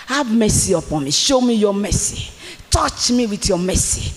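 A preacher delivering a fervent sermon, repeating lines for emphasis and often bursting into shouts. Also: mid-range voice, expressive, moderate pace, in a large hall.

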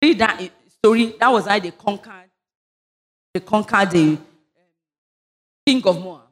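A woman's voice: mid-range voice, unhurried. A woman preaching a sermon, reading scripture and leading fervent prayer. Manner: fervent, rising into loud declarations during prayer.

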